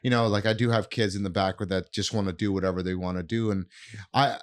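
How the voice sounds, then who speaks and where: An American man, a teacher, talking about his classroom in a relaxed, rambling podcast chat. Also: fairly low pitch, fast talker. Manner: relaxed, talks in loose restarts and fillers.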